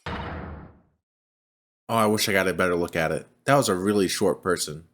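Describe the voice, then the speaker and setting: A man's voice: low voice, unhurried, fairly bright tone. Chatty man narrating his gameplay. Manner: chatty, reads game text aloud, laughs often. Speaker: let's play host. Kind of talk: casual gameplay commentary.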